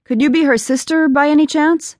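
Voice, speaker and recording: A man's voice: very high-pitched, steady tone, fairly quick, a little mellow, no room sound, studio quality, voice pushed up. A woman narrator voicing a polite, confused young man who grows angry on the phone. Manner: confused, polite at first, then hostile.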